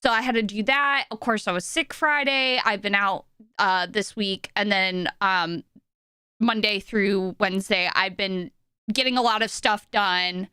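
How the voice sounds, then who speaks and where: A woman's voice: mid-range voice, unhurried, bright, forceful tone, clear, resonant tone, no echo. A young woman streaming live, chatting in a flustered, rambling way with lots of fillers and restarts, emotional and close to tears. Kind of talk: casual live-stream chat. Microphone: desk microphone.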